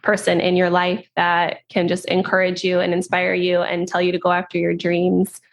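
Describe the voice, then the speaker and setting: Woman podcast host, chatty animated storyteller, casual interview. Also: lowish voice, normal speed, gravelly.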